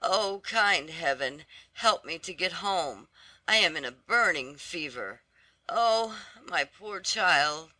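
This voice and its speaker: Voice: mid-range voice, expressive, takes it slowly, bright, forceful tone, dry recording. A reader voicing a poor, exhausted washerwoman who speaks in trembling, pleading tones in a storybook reading. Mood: faint, pleading. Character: worn-out poor washerwoman, grieving mother.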